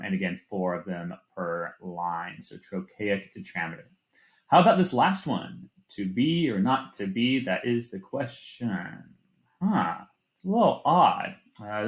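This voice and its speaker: A man's voice: on the low side, a bit bright. A male teacher giving a casual lecture on poetry, reading lines aloud to mark stress and using many fillers. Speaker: literature teacher. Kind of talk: classroom lecture.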